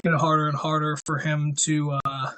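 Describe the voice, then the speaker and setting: A man's voice: a little high, monotone, normal speed, bright, forceful tone. A man hosting a casual livestream from home, a little out of breath and rambling between bites of food. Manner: rambling, talks while eating. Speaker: livestream host. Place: home room. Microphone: desktop USB mic.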